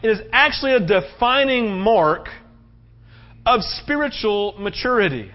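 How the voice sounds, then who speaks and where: A man's voice: sits high, animated, unhurried. A male pastor from the United States preaching a casual sermon, often tossing in rhetorical questions. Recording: slightly muffled recording.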